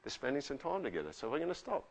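A man's voice: mid-range voice, huge pitch swings, racing. A man preaching a conversational sermon, often asking the listeners questions. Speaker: pastor.

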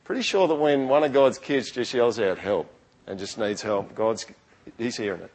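A man's voice: mid-range voice, normal speed, darkish tone, low-quality recording. A middle-aged man preaching a sermon in a conversational, earnest way, often restarting his sentences. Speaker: pastor.

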